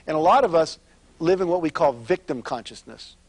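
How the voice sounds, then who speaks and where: A man speaking as a motivational seminar speaker, telling stories in an animated way and addressing his audience directly. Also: fairly high pitch, brisk, no echo.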